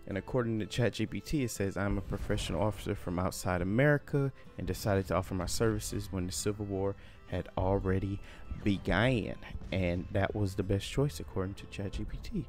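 A man's voice: low voice, brisk, faint music behind. A man hosting a gameplay video, chatting casually and rambling with jokes. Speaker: gaming channel host.

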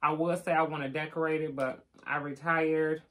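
Her voice sits low with little pitch movement, at a normal speed. She's an older vlogger chatting casually during a live stream, calling out viewer names and teasing them a bit.

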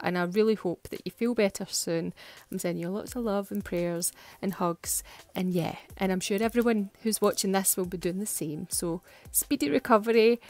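Scottish woman vlogger, casual and giggly, dry close voice with soft music underneath. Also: mid-range voice, no echo. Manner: chatty and giggly, laughs often. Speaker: nail art vlogger. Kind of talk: casual tutorial chat.

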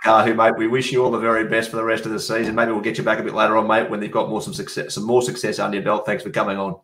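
A quick-talking man hosting a live sports show, his voice sitting a little low. He runs the segments and chats with his guests over a home camera link. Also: little pitch movement, a bit bright. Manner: quick, chatty, steers the segments. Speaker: show host.

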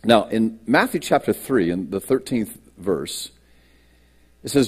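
A man's voice: lowish voice, a little mellow. A man pastor delivering a sermon at a church service, reading scripture and preaching with dramatic swings in his voice. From United States.

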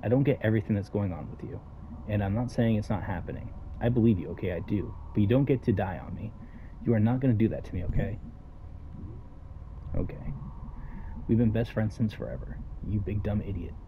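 A man with a fairly low voice reads a story game's dialogue aloud during a let's play, voicing each character in turn. He speaks in a casual, offhand manner. The recording is a little dull and lo-fi, with faint noise underneath. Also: animated, a little fast. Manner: casual, reads every character's lines himself. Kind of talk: reading game dialogue aloud.

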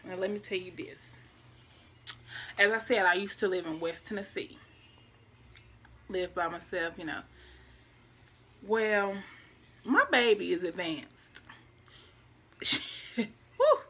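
Woman in her twenties, vlogger, bright tone, soft and reflective casual storytelling straight to camera. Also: on the low side, lively intonation, slow pace, pauses often, slight background noise. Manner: soft-spoken, reflective, talks straight to viewers.

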